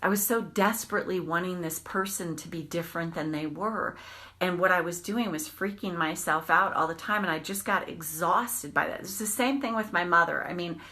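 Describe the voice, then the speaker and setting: A woman's voice: lowish voice, normal speed. A middle-aged woman hosting a live video on tapping, talking candidly and casually, restarting her sentences and swearing mildly as she goes. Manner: candid and animated, with frequent restarts and mild swearing. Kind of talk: casual live-stream talk.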